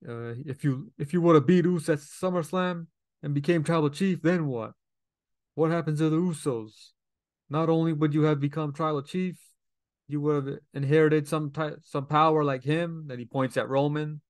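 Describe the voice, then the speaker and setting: A man's voice: fairly high pitch, steady tone, normal speed, clear, resonant tone, dry recording, clean studio sound. A man giving a casual, rambling recap of a wrestling show, retelling each scene with paraphrased quotes and lots of fillers.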